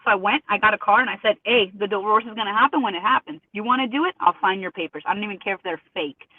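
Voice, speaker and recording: A woman's voice: mid-range voice, fast, dry recording. A woman speaks emphatically and with indignation, telling her side while acting out other people's words. Her voice comes through a thin, phone-like line with a dry, close sound. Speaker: interview guest. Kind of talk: remote interview over a call.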